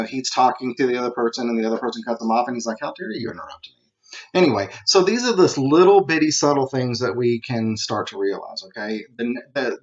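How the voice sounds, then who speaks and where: A man of middle pitch gives a casual lesson to students, chatty and informal, often checking in with "okay". The recording is muffled and lo-fi, as if made at home. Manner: conversational, repeats "okay", acts out examples. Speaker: teacher.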